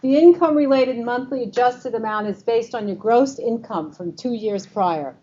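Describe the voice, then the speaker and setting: A woman's voice: on the high side, moderate pace, dark tone. A woman with a New York accent presenting a Medicare seminar, talking casually and quizzing the audience. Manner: chatty, quizzes the audience with true-or-false questions. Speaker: Medicare advisor presenting a talk. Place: meeting room with a live audience. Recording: slightly muffled recording, faint room noise.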